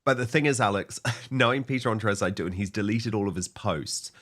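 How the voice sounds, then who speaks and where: A male talk show host delivers his lines with animated emphasis. He pushes his points hard and sounds energised as he leads the discussion. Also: on the low side, brisk.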